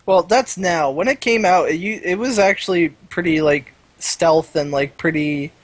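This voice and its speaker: A man co-hosting a gaming podcast in casual chat, joking and quick to tease the others. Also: a little high, no echo. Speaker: podcast co-host.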